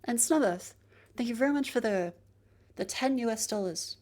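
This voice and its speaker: A woman's voice: on the high side, animated, normal speed, darkish tone. A woman streamer in casual live-stream chat, talking through a microphone test step by step as she moves a handheld mic to different distances. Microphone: handheld mic moved to different distances.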